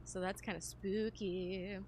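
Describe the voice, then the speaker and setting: A young woman streamer talks through a horror game in a loose, chatty way, mid-pitched and conversational. A faint background hiss sits under her voice. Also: little pitch movement, takes it slowly, a little mellow. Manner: chatty, reacting as she reads. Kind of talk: live gameplay commentary.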